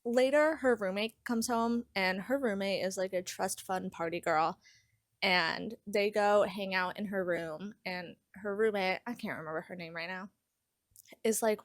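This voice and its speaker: A woman's voice: medium pitch, unhurried, dry recording, studio quality. A young woman vlogger casually recapping a novel's plot, chatty and full of "like" as she retells scenes. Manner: chatty, heavy use of "like", lively retelling. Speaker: book vlogger.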